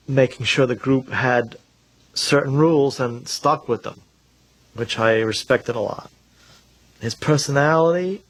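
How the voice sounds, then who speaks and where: Gravelly man with a dry, close sound. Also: medium pitch, no echo, low-quality recording. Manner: measured, frank. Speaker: interviewee. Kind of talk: documentary interview.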